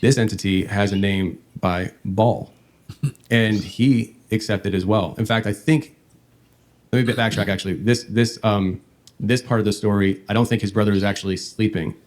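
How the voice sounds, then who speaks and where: A man tells a long story in a slightly low voice. He meanders and halts as he goes, circling back on himself. He speaks as the host of a podcast. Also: steady tone, normal speed, darkish tone. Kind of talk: telling a paranormal story.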